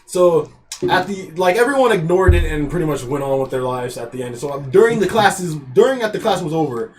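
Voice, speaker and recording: A man's voice: on the high side, lively intonation, a little fast, a little mellow. A young man hosting a podcast, rambling through a school story in a loose, swear-heavy casual chat. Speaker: podcast host.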